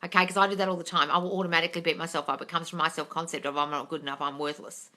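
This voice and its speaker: Her voice sits low and she races through her words. In casual live chat during her question-and-answer stream, this woman curses freely, speaks bluntly, calls people "darling," and shifts from gentle coaxing to excited squealing.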